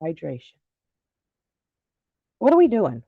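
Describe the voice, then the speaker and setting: A woman's voice: mid-range voice, wildly swooping pitch, takes it slowly, creaky, breathy edge, dry recording, phone-quality sound. A woman co-hosting a live stream, chatting casually with a playful, teasing manner. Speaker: co-host.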